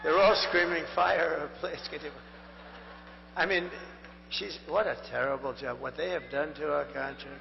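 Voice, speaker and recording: An older man speaks at a rally in a raised, gravelly voice that sounds hoarse and worn. He rambles and repeats himself as he drifts from point to point. The sound is dull and lo-fi, with mains hum underneath and a long echo from the big venue. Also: fairly high pitch, normal speed, pauses often. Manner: rambling, repetitive and digressive. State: hoarse, strained voice. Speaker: political candidate. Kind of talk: rally speech.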